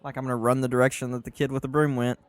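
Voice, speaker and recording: A man's voice: medium pitch, level tone, rapid-fire. A man playing a tabletop game, declaring his moves in a casual, exasperated and laughing way. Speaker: player.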